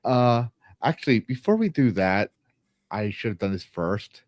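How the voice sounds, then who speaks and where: Male podcast host, lower register, rambling earnest talker, dead-dry sound. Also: animated, a little slow, a little mellow, dry recording. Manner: rambling, restarts and fillers, earnest. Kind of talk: casual podcast chat.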